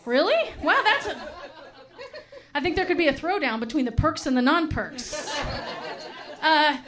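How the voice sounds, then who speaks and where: A woman's voice: high voice, expressive, unhurried, a crowd in the background. A woman doing a stand-up comedy set, chatty and laughing, with lots of "like" and "right?".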